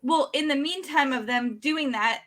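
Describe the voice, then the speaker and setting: A woman in casual podcast chat who jumps in with quick side stories. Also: high-pitched, a bit bright. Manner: chatty, interjects with side stories.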